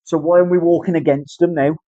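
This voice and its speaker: A man's voice: a little high, fairly even intonation, a little fast, mellow, dry recording. A man with a British accent telling a casual story, swearing often and acting out other people's voices. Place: tattoo studio. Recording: dry, slightly dull sound.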